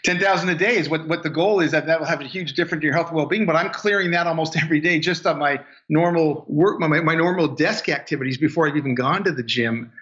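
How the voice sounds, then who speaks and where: A man's voice: fairly high pitch, fast talker, few pauses, fairly bright tone, dull audio. A man being interviewed as a guest on a podcast, talking casually and promoting his product in a rambling, salesy way. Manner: rambling, many fillers and restarts, salesy. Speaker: guest, inventor and business owner.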